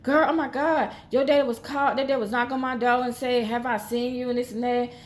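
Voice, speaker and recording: A woman voicing her excited teenage girlfriend, high and breathless. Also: fairly quick, lightly acted. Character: excited teenage girl friend, gossipy.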